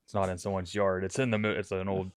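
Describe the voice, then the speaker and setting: A man's voice: deep voice, fast talker, clear, resonant tone, dry recording, studio quality. A man co-hosting a podcast, telling a hunting story in a loose, teasing way. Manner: teasing, loose storyteller who acts out others' excitement. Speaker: podcast co-host and bear hunter. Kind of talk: casual storytelling chat. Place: indoors in a cabin.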